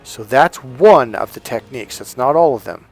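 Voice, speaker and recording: A man's voice: medium pitch, animated, normal speed, soft background music. A man giving an emphatic coaching talk on dating, telling anecdotes and acting out the quotes. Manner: emphatic, storytelling, acts out quotes.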